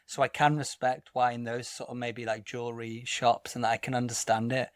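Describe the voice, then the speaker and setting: A man co-hosting a casual podcast chat, blunt and exasperated as he tells his stories, cursing now and then. His voice sits at an everyday middle pitch. The recording is dry and close, with no room sound. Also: little pitch movement, normal speed, dry recording. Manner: blunt, exasperated storytelling with swearing. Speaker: podcast co-host.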